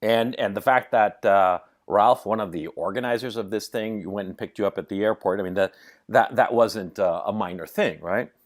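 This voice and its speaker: A man's voice: lowish voice, normal speed. A man interviewing a guest, asking careful questions and checking the timeline of events. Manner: methodical, checks facts and timeline.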